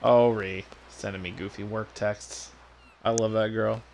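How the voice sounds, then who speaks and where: A man's voice: lowish voice, level tone, measured pace, gravelly, darkish tone, slight background noise. A man streaming a game, reading the dialogue aloud and mocking the characters with casual profanity.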